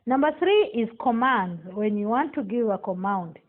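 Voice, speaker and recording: A woman teaching a classroom lesson, speaking slowly and deliberately and stressing each example sentence. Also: a little high, lively intonation. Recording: tinny phone-like sound.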